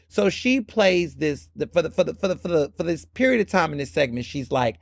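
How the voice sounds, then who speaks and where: Brief: male podcast host, chatty and animated recap, slightly high voice, dry close mic. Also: fairly quick, vocal fry, hardly any pauses, no echo. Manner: animated storytelling, slipping into quoted voices. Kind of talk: casual commentary recapping a reality show.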